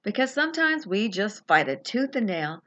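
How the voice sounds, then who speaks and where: A woman life coach speaking slowly and soothingly as she leads a guided meditation. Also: mid-range voice, very animated, bright, forceful tone.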